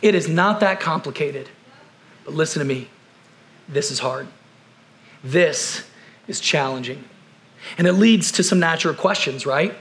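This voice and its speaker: A man preaching a conversational sermon, repeating key phrases and firing off rhetorical questions, then dropping to quiet, slow emphasis. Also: a little high, slight background noise. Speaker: pastor.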